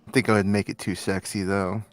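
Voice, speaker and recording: A man's voice: fairly low pitch, little pitch movement, a little fast, faint music behind. A man chatting as a guest on a casual stream, joking and curious, chuckling between lines. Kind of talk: casual chat.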